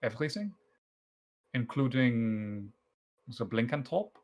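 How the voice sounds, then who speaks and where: A man's voice: medium pitch, lively intonation, takes it slowly. A man voicing a nervous male nobleman with a put-on German accent, speaking hesitantly. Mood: uneasy.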